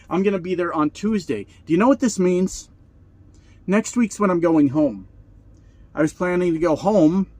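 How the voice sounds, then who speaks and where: Give me a heated trucker man cursing through a vlog rant, voice a bit high and recorded dry. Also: no room sound. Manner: heated, profane venting. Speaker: over-the-road truck driver.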